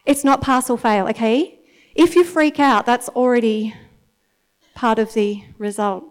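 A woman in her thirties with an Australian accent, giving a chatty, animated sermon to a congregation and often laughing. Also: on the high side, measured pace. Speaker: church speaker. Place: church meeting in front of an audience.

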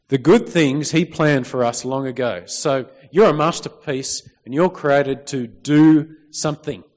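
Lively male preacher in a reverberant hall. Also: medium pitch. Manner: lively, calls out for amens, reads scripture. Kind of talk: sermon. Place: church hall. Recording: long reverb of a church hall.

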